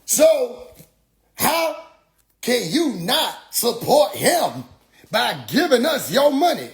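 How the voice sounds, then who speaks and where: A man putting on the voice of a pushy, preachy male book seller who asks drawn-out, sermonizing questions. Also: very high voice, sing-song, roomy sound, pitched above the performer's own voice, heavily acted.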